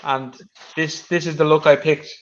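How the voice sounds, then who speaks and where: A man's voice: a little high, steady tone, moderate pace, slight background noise. Laid-back man on dull call audio. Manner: laid-back, self-mocking. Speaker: comedian. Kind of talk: casual comedy banter.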